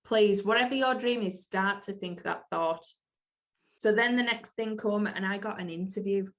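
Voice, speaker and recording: A woman with a mid-range voice, speaking at a moderate pace, hosts her own podcast. She delivers an earnest, emphatic motivational monologue, repeating key phrases to give them weight.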